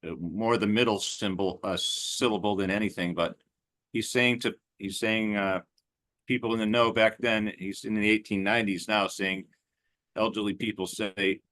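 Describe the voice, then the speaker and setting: A man co-hosting a casual chat on clan history, talking in a halting way with many restarts. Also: lowish voice, steady tone, a bit bright, no room sound. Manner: halting, restarts words often. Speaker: co-host.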